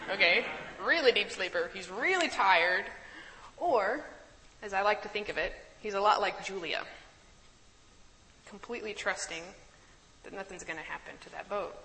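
Bright-voiced woman teaching a Bible study. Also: mid-range voice, animated, moderate pace, pauses often, long reverb tail, a little hiss or hum, low-quality recording. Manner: chatty, laughs easily, keeps asking "right?".

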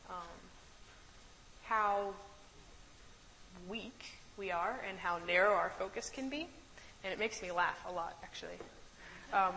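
Bright-voiced woman teaching a Bible study. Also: mid-range voice, big-room sound, slight background noise, poor audio. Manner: chatty, laughs easily, keeps asking "right?".

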